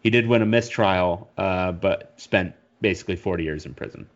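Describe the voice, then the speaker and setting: A man's voice: low-pitched, normal speed, dull audio. A man co-hosting a podcast in casual chat, reading listener mail and searching things up aloud. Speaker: podcast co-host.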